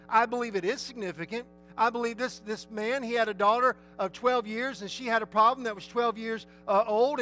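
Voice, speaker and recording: A man's voice: sits high, bright, forceful tone, poor audio. A man, preaching a sermon in an emphatic, folksy storytelling way. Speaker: pastor.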